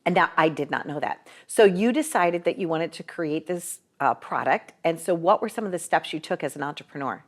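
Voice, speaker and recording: A woman's voice: sits low, animated, fairly quick, hardly any pauses. A woman hosting a talk show, chatting casually with guests and laughing often. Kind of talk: casual interview chat.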